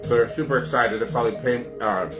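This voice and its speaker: A man's voice: mid-range voice, a little fast, echoey room, over music. A man hosting a casual live cocktail show from his kitchen, chatty and gushing as he greets viewers. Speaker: host of a home cocktail livestream.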